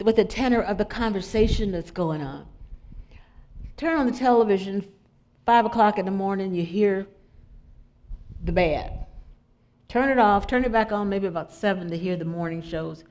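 A woman preaching an informal sermon, telling stories in a conversational, animated way. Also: medium pitch.

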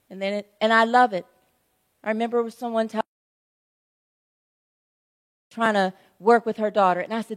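A woman pastor in middle age preaches a sermon in a relaxed, storytelling manner. Her voice sits high and light, and she keeps checking in with the congregation as she goes. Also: moderate pace, long pauses. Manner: conversational storytelling preaching, frequent "right?" asides.

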